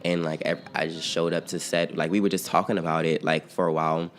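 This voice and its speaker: Very deep-voiced young man, laid-back. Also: flat delivery, a little fast. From outskirts of Philadelphia. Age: young adult. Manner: laid-back, rambling, many fillers, breaks into laughter. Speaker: interview guest, singer-songwriter and producer. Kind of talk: casual storytelling chat.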